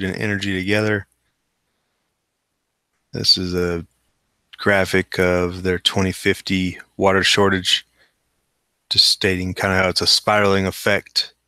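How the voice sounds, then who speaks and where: Reading articles on his casual news show, this host breaks in between quotes with skeptical, wry remarks. He has a deep voice that sounds pushed and bright, clear and resonant, with no room sound.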